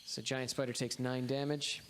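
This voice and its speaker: A man's voice: medium pitch, level tone, normal speed. A man running a tabletop game as game master, calling rules and laughing often. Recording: noisy background hiss.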